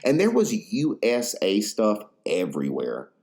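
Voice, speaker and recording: A man's voice: lowish voice, wildly swooping pitch, unhurried, darkish tone. A young man hosting a podcast, telling a story in a rambling, profane casual chat full of fillers. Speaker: podcast host.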